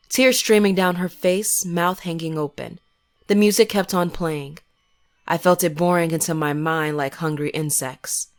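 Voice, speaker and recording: A woman giving scripted first-person horror narration in a measured, grim way. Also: fairly low pitch.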